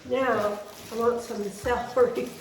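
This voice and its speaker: A woman's voice: on the high side, fairly even intonation, slow pace. A woman, chatting to viewers as she demonstrates a recipe in her kitchen. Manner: chatty, folksy, talks to viewers while chopping. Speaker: home cook demonstrating a recipe. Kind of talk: casual cooking demonstration. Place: home kitchen. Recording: roomy kitchen, mic at a distance, faint noise.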